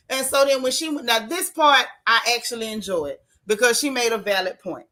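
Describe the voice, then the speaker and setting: A woman hosts a casual live stream, chatting bluntly and animatedly as she reacts to viewer messages. Her voice sits fairly high and has a bright, forceful edge. She talks in a relaxed, colloquial way. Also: normal speed, hardly any pauses. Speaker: host of a reality TV recap channel.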